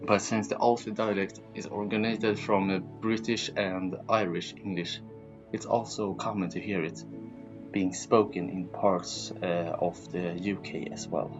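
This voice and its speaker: A man reading a school presentation in a hesitant way, with many filler pauses. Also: sits low, steady tone, dull audio, over music.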